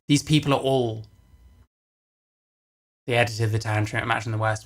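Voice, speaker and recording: A man with a medium-pitched, slightly bright voice and fairly even intonation speaks at normal speed, pausing often. He's on a livestream reacting to videos in an angry, casual rant, exasperated, full of swearing, and repeating phrases to drive points home.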